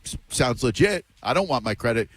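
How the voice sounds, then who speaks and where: A man hosting a radio show, swapping casual banter with his co-hosts. He tells stories against himself, at an everyday middle pitch. He acts out the other people in his anecdotes along the way. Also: expressive, brisk, fairly bright tone, breathy edge, no room sound. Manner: self-deprecating storyteller, plays voices in anecdotes. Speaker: radio host.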